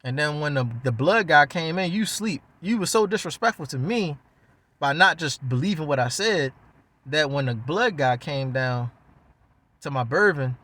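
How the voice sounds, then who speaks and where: Baltimore man, casual storyteller, slightly high voice, profane and lively, acts out the other people in his stories. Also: moderate pace, no room sound. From West Baltimore.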